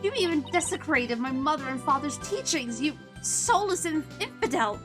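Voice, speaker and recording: Woman reading a haughty young princess, lifted pitch, imperious, scornful, game music behind. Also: animated, normal speed. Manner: imperious, scornful then wavering. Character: haughty young princess priestess, proud and stern.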